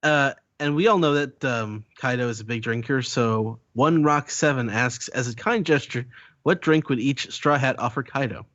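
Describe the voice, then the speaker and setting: A man's voice: medium pitch, normal speed, a bit bright, no room sound. Guy co-hosting a podcast, reads listener qs, dry close sound, kinda dull lo-fi audio. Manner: reads questions out, laughs easily. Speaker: podcast co-host reading listener questions. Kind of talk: casual podcast chat.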